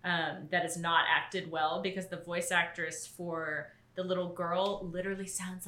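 A woman co-hosting a podcast, casually recapping an anime episode, blunt and quick to laugh. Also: lowish voice, level tone, bright, forceful tone, roomy sound. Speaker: podcast co-host.

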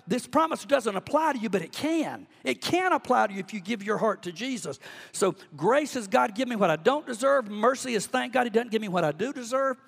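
A man's voice: high voice, animated, a little fast, vocal fry, fairly bright tone. A male pastor with a Southern US accent, preaching a sermon in a folksy, fervent manner in a church. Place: church sanctuary. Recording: long church hall reverb.

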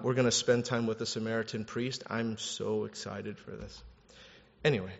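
Animated male pastor in an echoey hall. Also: fairly high pitch. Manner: animated, conversational, acts out quotes, restarts words. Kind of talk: sermon. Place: church hall. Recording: echoey hall, dull sound.

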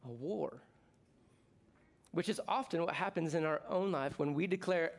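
A middle-aged pastor from the United States delivering a sermon with a casual, joking warmth that breaks into excited bursts. His voice sits a little higher than most men's. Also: normal speed. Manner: conversational and jokey, with bursts of excitement.

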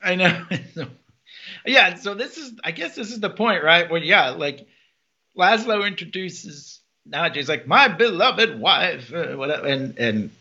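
Bright gravelly man on a dull mic. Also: fairly high pitch, animated. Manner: laughing, retells scenes with quick put-on quotes. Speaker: podcast co-host. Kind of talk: casual episode recap chat.

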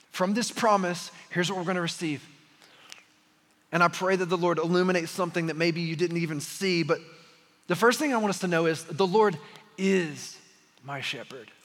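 A young man preaching a sermon with a high, bright voice and a husky edge. He moves between easy storytelling and impassioned preaching. The long reverb of a large hall trails every phrase. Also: normal speed. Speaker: pastor.

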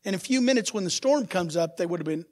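A man preaching a sermon as pastor, asking his congregation rhetorical questions and swinging from soft asides to loud, emphatic bursts. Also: high voice, lively intonation, quick pace.

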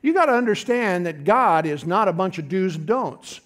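A man's voice: sits high, lively intonation, normal speed, a bit bright. A middle-aged man preaching a folksy, conversational sermon, often calling out to his congregation.

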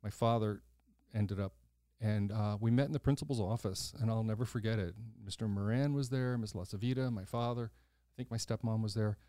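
Mellow-voiced older man telling a story. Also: on the low side, brisk, dry recording, clean studio sound. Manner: animated storyteller who acts out quoted voices, blunt and swears casually. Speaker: podcast host. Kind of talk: casual storytelling conversation.

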